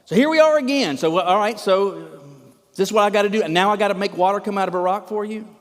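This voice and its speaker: A man voicing an aged, furious prophet who bursts out in loud, indignant complaints. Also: high-pitched, normal speed, big-room sound, natural voice. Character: exasperated furious aged male prophet leader.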